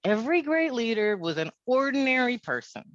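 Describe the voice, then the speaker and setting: A woman from India with an American accent leading an online leadership workshop, lively and checking in with a frequent "right?". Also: fairly high pitch, fairly quick, dry recording, lo-fi sound. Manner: lively, keeps asking "right?".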